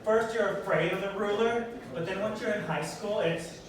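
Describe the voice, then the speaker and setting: A brash male stand-up comic with a fairly high voice who delivers punchy lines and quick asides. He is picked up from a distance in a very echoey room, with steady noise behind him. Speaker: stand-up comedian. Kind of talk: stand-up comedy set. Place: performance venue.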